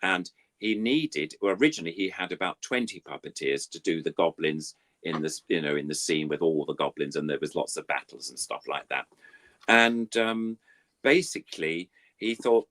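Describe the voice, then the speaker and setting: Older puppeteer, deep voice, chatty and self-deprecating storyteller. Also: male voice, animated, normal speed, fairly bright tone. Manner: rambling, self-deprecating storytelling with many fillers. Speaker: puppeteer guest. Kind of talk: anecdotal interview chat.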